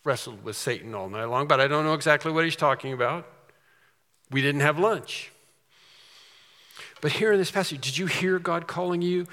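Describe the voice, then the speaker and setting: A man's voice: fairly high pitch, sharp tone, long reverb tail. A man preaching a sermon as a pastor, earnest and emphatic, with storytelling asides.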